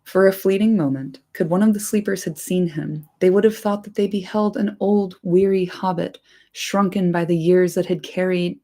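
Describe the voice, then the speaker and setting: A woman reading aloud with a lower voice. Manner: expressive, irreverent asides. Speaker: reader. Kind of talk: audiobook-style reading with casual asides.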